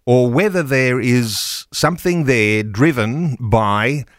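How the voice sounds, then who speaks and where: A man, a radio talk show host, chatting in a measured, reflective way with plenty of fillers. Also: medium pitch, dry recording, clean studio sound. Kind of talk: casual radio chat.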